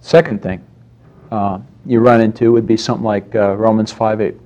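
A man's voice: on the low side, fairly even intonation, moderate pace, darkish tone, dull audio. A man preaching a sermon in a conversational way, telling stories and acting out quotes. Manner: storytelling with acted-out quotes, conversational.

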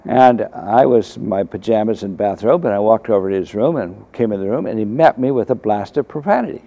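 An older man, a former navy officer, telling faith stories from his service in a halting way, full of restarts and fillers. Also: lowish voice, creaky, warm tone, dull audio. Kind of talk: casual storytelling testimony.

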